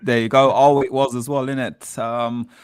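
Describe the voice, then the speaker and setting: A man hosting a casual football fan chat show, telling stories and acting out quotes with lively energy. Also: mid-range voice, normal speed, clean tone, no room sound, clean studio sound. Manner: animated storytelling, acts out quotes. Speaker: podcast host.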